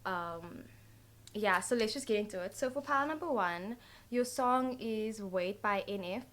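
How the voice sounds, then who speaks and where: A woman's voice: mid-range voice, measured pace, fairly bright tone. Young female vlogger, tired, chatty tarot reader who rambles and leans on filler words. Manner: rambling, full of "like" and "literally" fillers. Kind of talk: casual chatty tarot reading.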